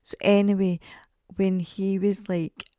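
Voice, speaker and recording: A woman's voice: medium pitch, little pitch movement, measured pace, warm tone, no echo, clean studio sound. A woman in her forties hosting a podcast, telling chatty, rambling, self-mocking stories. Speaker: podcast host. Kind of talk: casual podcast monologue.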